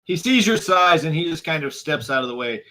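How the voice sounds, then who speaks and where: A man narrating as game master of a tabletop game, hesitant with many pauses. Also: on the high side, lively intonation, sharp tone, poor audio. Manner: hesitant, full of ums.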